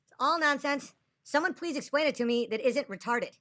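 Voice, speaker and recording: A woman's voice: sits high, a little fast, pushed and bright. A tipsy woman ranting and arguing on a livestream, agitated and profane. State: tipsy after a few drinks. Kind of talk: livestream rant.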